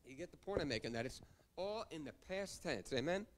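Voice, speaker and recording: A man preaching a sermon to his church, his voice sitting a little high for a man. He moves through scripture references one after another, then calls out to the congregation for an amen. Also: animated, brisk. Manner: preaching, reading scripture references and calling for amens. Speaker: pastor.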